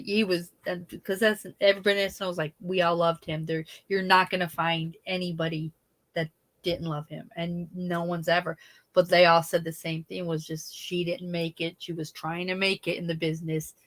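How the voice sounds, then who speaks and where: A woman hosting a casual livestream, chatting in an animated way, laughing often and sometimes trailing off quietly. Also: lowish voice. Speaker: livestream host.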